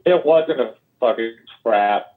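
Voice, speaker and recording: A man's voice: mid-range voice, slow pace. A man swearing and accusing a candidate in a heated online debate. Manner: profane, accusing. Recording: tinny call audio from off-mic.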